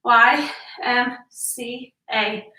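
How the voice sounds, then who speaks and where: In an echoey room with the mic far away, a middle-aged woman instructs a workout, coaching form and counting reps as she pants and sighs between sets. Her high voice is bright and forceful, steady in tone, with drawn-out words.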